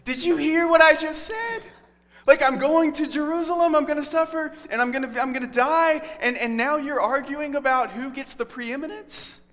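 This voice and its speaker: A man's voice: very high-pitched, moderate pace, fairly bright tone, pitched above the performer's own voice. A man voicing an exasperated grown man scolding his friends, with an incredulous, raised voice. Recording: long hall reverb.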